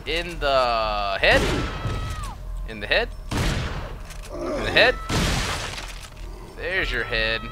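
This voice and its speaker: A man's voice: medium pitch, very animated, drawn-out words, pauses often, music in the background. A man giving casual, jokey, profane commentary while he plays through a video game. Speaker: gaming streamer.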